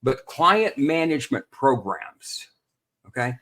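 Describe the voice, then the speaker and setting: A man's voice: medium pitch, big pitch swings, takes it slowly, bright, forceful tone. A man, a real estate expert guest on a podcast interview, explaining earnestly and repeating words as he thinks.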